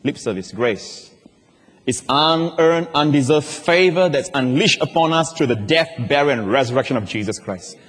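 A man's voice: fairly high pitch, lively intonation, normal speed, fairly bright tone. Man preaching in a big echoing hall. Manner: emphatic preaching with call-and-response questions. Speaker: pastor. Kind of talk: sermon. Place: large church. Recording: long hall reverb.

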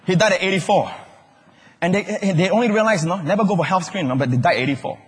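A man with a Singaporean English accent preaching a sermon, animated and joking, often acting out other people's voices. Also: high-pitched, quick pace, slightly rough. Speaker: pastor. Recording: echoey hall with long reverb.

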